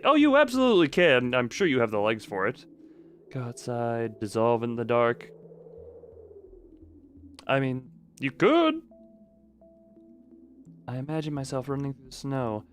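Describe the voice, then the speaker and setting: A man streaming a game, reading the on-screen text aloud and breaking off for joking remarks. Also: mid-range voice. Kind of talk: live gameplay stream, reading a visual novel aloud.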